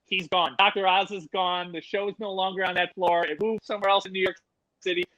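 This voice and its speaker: A man, a podcast guest who works with animals, telling a story in an animated way and swearing freely. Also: high voice, a little fast, no room sound, lo-fi sound.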